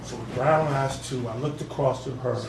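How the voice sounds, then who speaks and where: Baritone poet in an echoey room. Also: male voice, steady tone, moderate pace, creaky. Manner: rhythmic delivery built on a repeated refrain. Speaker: open mic poet. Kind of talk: spoken word poetry performance. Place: cafe gallery open mic stage. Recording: echoey room, far from the mic, faint hum.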